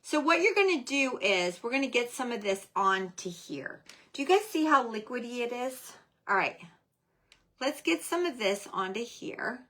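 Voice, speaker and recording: A woman hosting a casual live craft demonstration, chatting excitedly and calling out viewers by name. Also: fairly high pitch, moderate pace. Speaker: livestream host selling craft supplies and clothes.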